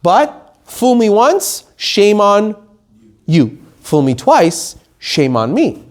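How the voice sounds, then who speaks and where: Man, rabbi, Torah lesson, high voice, very expressive. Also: drawn-out words. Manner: animated, switches between Hebrew quotes and plain English.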